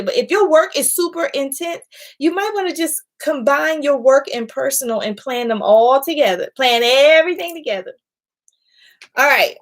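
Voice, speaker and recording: A woman success coach gives a casual live-stream talk in a voice that sits high, at normal speed. She's chatty and animated, calls her viewers y'all, and laughs often.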